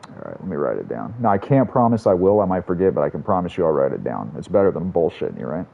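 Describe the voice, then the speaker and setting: Low-voiced profane gaming streamer. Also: male voice, sing-song, fast, creaky, husky, dull audio. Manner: profane, rambling, self-mocking. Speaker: streamer playing a game. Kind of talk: casual gameplay chat.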